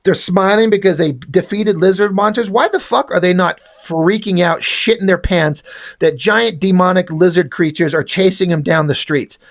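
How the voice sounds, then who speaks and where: A man's voice: high voice, moderate pace, vocal fry. A man reviewing a comic book in a casual rant, sarcastic, exasperated and full of swearing.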